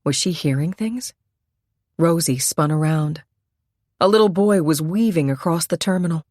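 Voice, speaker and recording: A woman narrating a suspense thriller in a tense, dramatic reading at a mid pitch. The sound is dry and close, with no room around it. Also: a little mellow, dry recording. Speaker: audiobook narrator.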